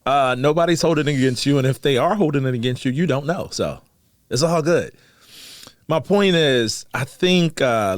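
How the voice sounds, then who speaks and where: Animated man hosting a podcast. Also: mid-range voice, no echo, studio quality. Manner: lively, rambling, laughs often. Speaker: podcast host. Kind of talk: casual chat. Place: small podcast studio. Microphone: studio mic.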